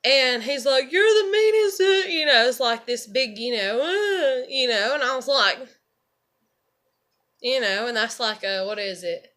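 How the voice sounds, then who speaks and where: Bright-voiced woman rambling. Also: fairly high pitch, a little slow. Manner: rambling, swears freely, leans on "you know" and "like". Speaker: vlogger. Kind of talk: casual rambling monologue.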